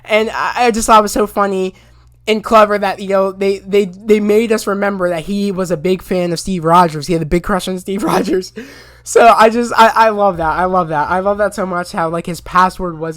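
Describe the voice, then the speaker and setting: A man recapping a TV episode in a casual, rambling way, full of "you know" fillers and bursts of loud excitement. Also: high voice, a little fast, no echo, clean studio sound. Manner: rambling, heavy on fillers, gets loud and excited retelling scenes. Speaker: show recap reviewer.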